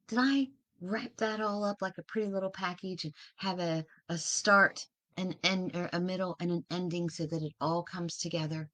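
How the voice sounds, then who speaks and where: A woman hosting a casual spiritual talk, chatty and encouraging, asking many questions and laughing easily. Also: medium pitch. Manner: laughs easily, restarts words.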